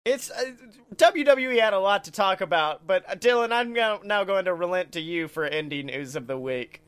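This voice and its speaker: A man co-hosting a wrestling podcast in casual chat, joking and laughing loudly, slipping into playful ad reads. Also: sits high, lively intonation, moderate pace, clean tone. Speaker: podcast co-host.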